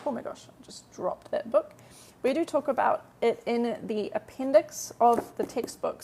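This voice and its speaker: A chatty woman teaches a Korean lesson in a live stream, walking through each point step by step. Her voice sits a little high and carries a gravelly fry. She slows right down whenever she models an English translation. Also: darkish tone, a little hiss or hum.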